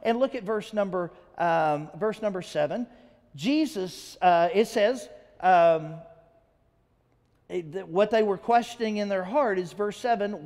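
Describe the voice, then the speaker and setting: A man's voice: high voice, measured pace, a little mellow. A male pastor preaching a sermon in a church, talking to the congregation in a conversational way and asking them questions. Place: church sanctuary. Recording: long hall reverb.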